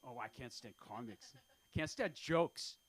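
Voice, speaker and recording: A man voicing a disdainful, humorless middle-aged Ukrainian woman, with a thick Ukrainian accent and a flat, scornful way of talking. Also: mid-range voice, unhurried, breathy edge.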